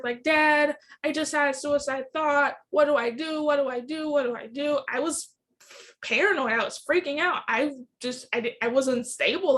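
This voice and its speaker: A woman's voice: high voice, a bit bright. A young adult woman hosting a podcast, telling her own story in an earnest, candid and emotional way. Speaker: podcast host. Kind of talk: personal storytelling.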